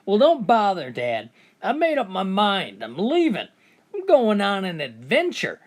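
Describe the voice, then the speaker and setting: A woman's voice: mid-range voice, wildly swooping pitch, unhurried, darkish tone. Woman voicing a smart-mouthed kid for a joke video, swooping wildly up and down. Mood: cheeky. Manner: blunt punchline delivery. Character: cheeky mouthy young boy.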